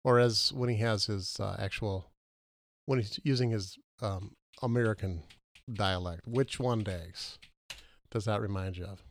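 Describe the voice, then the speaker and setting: On a casual movie podcast, a male co-host questions his partner and argues his points, his pitch jumping lively, while his pace stays unhurried.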